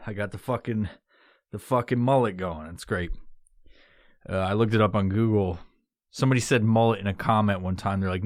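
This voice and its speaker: A man's voice: lowish voice, no room sound. A man from New York hosting a solo podcast, rambling and swearing in an exaggerated tough-guy tone he admits to putting on in his studio. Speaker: podcast host.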